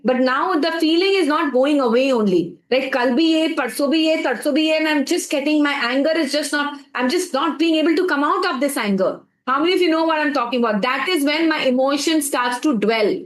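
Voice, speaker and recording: High-voiced Indian woman coaching a live stream. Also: roomy sound, rough recording. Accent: Indian English. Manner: asks the chat for replies over and over; mixes English with Hindi phrases. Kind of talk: motivational live stream talk.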